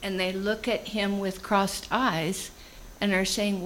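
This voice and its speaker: A woman's voice: mid-range voice, flat delivery, takes it slowly, slight background noise, rough recording. A woman preaching a conversational sermon, reading scripture and explaining it in plain everyday language.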